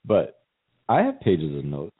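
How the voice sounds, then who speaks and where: A man's voice: very deep voice, huge pitch swings, a little slow, slightly rough, phone-quality sound. A middle-aged man hosting a podcast in casual chat, fighting a cold and joking at his own expense. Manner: joking, self-mocking. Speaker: podcast host.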